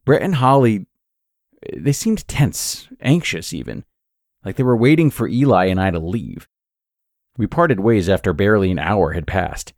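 A man narrating a scripted horror story in a measured, steady way. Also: lowish voice, dry recording, clean studio sound.

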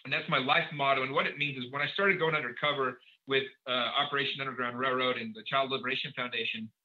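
A man tells a personal story as a podcast guest, racing through it at high speed and acting out bits of dialogue. His voice is sharp and forceful, with lots of "um"s and "uh"s along the way. The recording sounds dull and lo-fi. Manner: rapid, animated storytelling with many fillers and acted-out dialogue.

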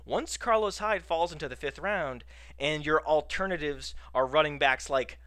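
A man's voice: fairly high pitch, moderate pace, bright, forceful tone, no room sound. A man hosting a podcast on his own, talking casually and playfully indignant. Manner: playfully indignant, mock-outraged. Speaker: podcast host. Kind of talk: casual solo podcast talk.

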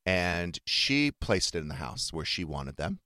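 A middle-aged man with a very low voice tells a family story on his radio talk show. He acts out the people he quotes. The sound is close and dry, with no room echo. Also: sing-song, a little slow, bright, forceful tone. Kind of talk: casual chat.

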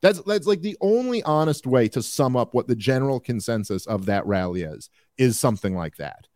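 Rambling, animated male podcast host. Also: mid-range voice, brisk, no room sound. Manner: rambling, animated, frequent fillers. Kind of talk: casual political commentary.

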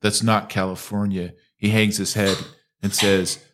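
A man from Utah, a diagnostics instructor and guest, talking in a measured, dry way. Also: lowish voice, little pitch movement, slight background noise. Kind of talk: casual interview.

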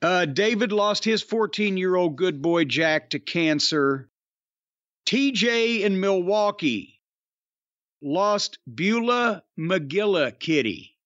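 A man with a fairly high, animated voice reads listener tributes on a podcast, wry and offhand, tripping over a name now and then. The recording is dry and close, with a slightly dull, lo-fi tone. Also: slow pace, dry recording. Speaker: podcast co-host. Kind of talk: casual podcast chat, reading listener tributes.

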